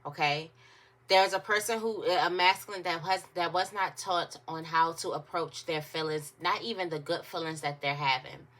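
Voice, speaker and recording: A woman's voice: low-pitched, normal speed, a bit bright. A woman giving a casual tarot reading to her viewers, chatty and repetitive, with emphatic asides. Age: adult. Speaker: tarot reader.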